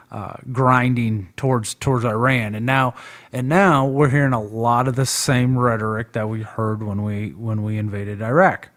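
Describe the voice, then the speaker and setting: A man in a loose, informal political chat who rambles on from one point to the next. His voice has an ordinary middle pitch, and he keeps the conversation flowing in an easygoing, chatty way. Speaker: guest debater on a live stream. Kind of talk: casual political discussion.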